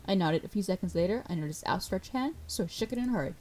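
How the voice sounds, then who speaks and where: A woman's voice: mid-range voice, animated, fairly quick, warm tone. A woman reading a visual novel aloud and voicing every part, breaking off for casual asides. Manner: reads all the parts, breaking off for casual asides. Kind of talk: reading game dialogue aloud with commentary.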